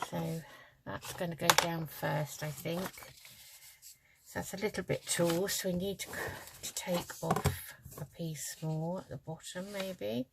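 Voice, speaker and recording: A low-voiced older woman from the UK chats casually as she works on a collage at her craft table. She rambles along with plenty of ums and sounds a little tired. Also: gravelly, very noisy. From United Kingdom. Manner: chatty and rambling, with many ums. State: yawning, tired. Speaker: craft vlogger. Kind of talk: casual chat while crafting.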